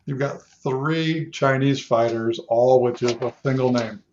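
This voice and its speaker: A man's voice: mid-range voice, unhurried, darkish tone, a little hiss or hum. A man co-hosting a talk radio show, rambling and joking in casual chat. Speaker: radio co-host. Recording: dull muffled audio.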